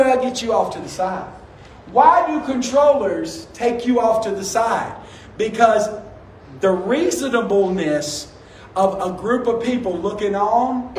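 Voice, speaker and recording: A man preaching a sermon in a high, bright voice, acting out quotes and pushing his points with rising emphasis. He sounds a little away from the mic, and the church around him rings with echo over a faint hiss. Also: distant mic. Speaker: pastor. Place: church sanctuary.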